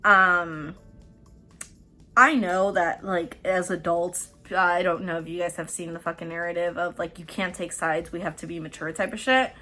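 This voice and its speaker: A woman's voice: lowish voice, fairly even intonation, moderate pace, pushed and bright, soft background music. A woman hosting a casual pick-a-card tarot reading, chatty and profane, often laughing mid-sentence. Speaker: tarot reader and host.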